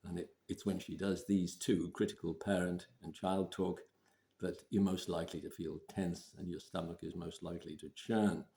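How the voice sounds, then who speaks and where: A man giving relationship advice in a measured way, often clearing his throat and repeating points for emphasis. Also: sits low, level tone, dark tone. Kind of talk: advice talk to camera.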